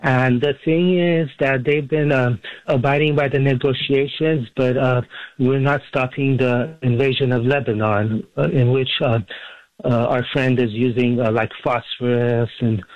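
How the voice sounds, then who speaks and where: A man's voice: mid-range voice, steady tone, unhurried, no room sound. Rambling male radio caller on a phone line. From Iran. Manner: rambling, hesitant, many fillers. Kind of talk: phone call into a radio show.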